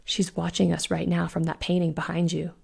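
A jittery young man who is quick to panic, put on by a woman reading aloud, speaking in a hushed, half-whispered way. The voice sits low and gravelly, with a slightly deeper pitch than usual for her. It belongs to a spooky audiobook story. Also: completely flat delivery, full character voice.

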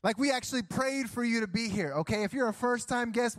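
High-voiced preacher man saying "okay?". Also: a little fast. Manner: energetic, keeps asking "okay?". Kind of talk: sermon. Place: church stage.

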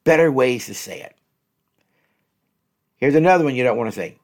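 A man working as a relationship counselor, giving advice and acting out example phrases, repeating each one twice in an animated way. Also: medium pitch, moderate pace. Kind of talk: advice talk with spoken examples.

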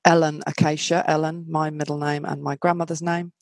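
A woman's voice: sits low, little pitch movement, fairly quick, no room sound. A woman hosting a podcast in casual chat, talking easily with trailing asides. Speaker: podcast host.

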